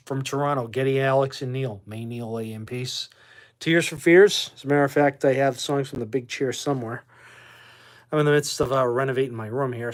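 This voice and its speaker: Blunt, cursing man on a livestream. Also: mid-range voice. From Boston. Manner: blunt, profane, quick to dismiss with a laugh. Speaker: livestream host reading chat. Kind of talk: casual livestream chat. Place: his own room at home.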